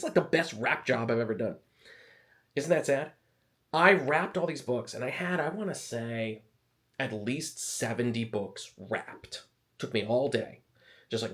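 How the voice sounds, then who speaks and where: A man talking casually to camera as an author giving advice, chatty and self-deprecating, wandering into asides. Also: mid-range voice. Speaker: author and video host.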